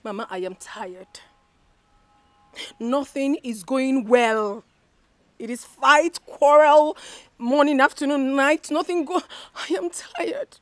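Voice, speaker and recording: A woman's voice: sits high, takes it slowly, no echo. An actress with a Nigerian accent playing a weary young wife, emotional and pleading with her mother. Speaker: unhappy wife.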